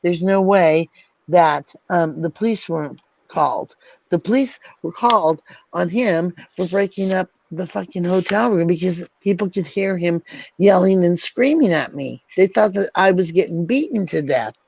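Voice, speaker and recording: A woman's voice: fairly low pitch, moderate pace, creaky, darkish tone. A woman hosting a livestream, ranting angrily and swearing, repeating herself as she vents. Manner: furious, profane, repetitive ranting. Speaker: channel host. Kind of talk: angry livestream rant. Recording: dull lo-fi dry sound.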